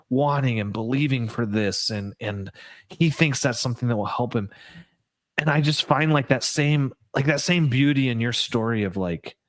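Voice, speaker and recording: A man's voice: medium pitch, no room sound, clean studio sound. A man hosting a faith podcast, talking in an earnest, rambling way with many fillers. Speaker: podcast host. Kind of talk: casual interview chat.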